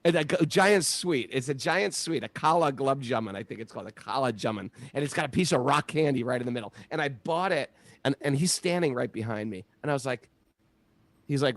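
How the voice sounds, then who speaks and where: A middle-aged man talking casually about spiritual practice, an animated storyteller who acts out the voices in his stories. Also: mid-range voice, a little fast, dry recording. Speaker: podcast co-host.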